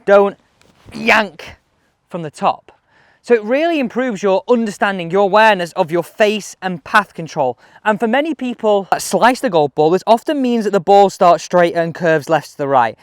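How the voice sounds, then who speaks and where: A middle-aged man with a fairly high voice, giving casual golf-coach commentary on a range. He is animated and chats to himself between shots, and the sound is close and dry. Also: clean tone, no room sound.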